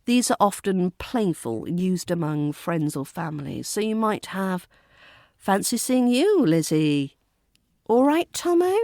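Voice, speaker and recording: A woman with a British accent, hosting a podcast lesson and teaching pronunciation with clear, careful delivery. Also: fairly low pitch, darkish tone, no room sound, studio quality. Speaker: accent coach and podcast host. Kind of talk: spoken English lesson.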